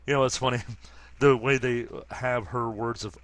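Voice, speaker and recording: A man around fifty reading a comic aloud and commenting casually, halting often with fillers and restarts. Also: medium pitch, steady tone, fairly bright tone. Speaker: comic book reader and commentator.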